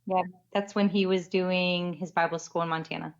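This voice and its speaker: A woman's voice: on the low side, steady tone, moderate pace. A woman missionary guest in a casual interview, speaking matter-of-factly and plainly correcting the host. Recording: dull lo-fi audio.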